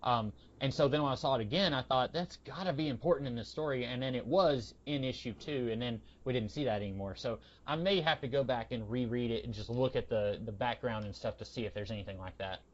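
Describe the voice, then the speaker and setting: A man's voice: medium pitch, fairly quick, few pauses. Man chatting about comics on a lo-fi podcast. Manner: rambling, animated storytelling with quoted voices. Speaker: podcast co-host. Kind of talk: casual comic book discussion.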